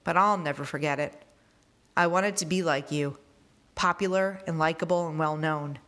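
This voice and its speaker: A woman reading aloud as a quiet, studious teenage boy speaking in a reflective, measured way. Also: deep voice. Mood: wistful.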